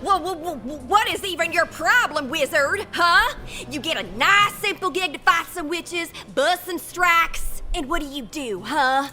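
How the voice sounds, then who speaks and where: High-pitched villain granny, bright and bossy, swooping delivery, faint music under. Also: female voice, lively intonation, a little slow, heavily acted. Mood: ranting. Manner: sugary then snapping, domineering. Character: bossy villainous grandmotherly candy tycoon, woman. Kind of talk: game cutscene voice acting.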